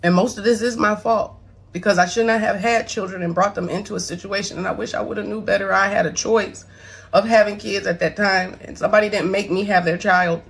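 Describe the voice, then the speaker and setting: A middle-aged mother responding to her son online talks bluntly and profanely straight to camera, defending herself to his followers. She's emotional and close to tears. Her medium-pitched, husky voice has vocal fry, a steady tone, and a slightly fast pace.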